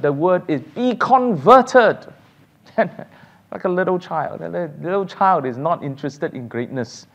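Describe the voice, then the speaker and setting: A man teaching a church Sunday school class, animated and laughing often as he takes questions. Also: fairly high pitch, creaky, highs cut off.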